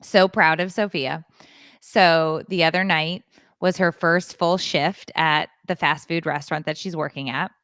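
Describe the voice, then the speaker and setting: Middle-aged woman, podcast co-host, smooth lowish voice, dry close sound, lively storyteller. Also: unhurried, no room sound. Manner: animated storyteller, acts out quoted voices. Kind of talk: casual chat.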